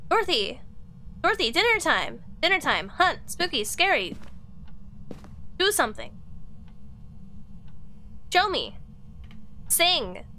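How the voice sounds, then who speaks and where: High bright voiced woman streamer calling out to a ghost over and over, cursing, faint room hum behind. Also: big pitch swings, slow pace, long pauses. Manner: taunting, cursing, repetitive calls. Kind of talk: casual gameplay commentary.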